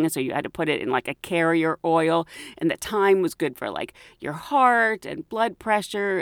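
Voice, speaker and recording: A woman who works as a flight attendant tells a funny work story as a podcast host, animated and laughing often. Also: fairly low pitch, no room sound, studio quality. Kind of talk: casual storytelling chat.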